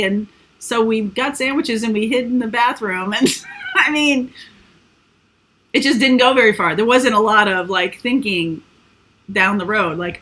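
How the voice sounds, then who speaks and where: A woman's voice: medium pitch, pushed and bright. A woman giving a casual, rambling tarot reading full of fillers and asides. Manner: chatty, rambling, with frequent fillers. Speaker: tarot reader.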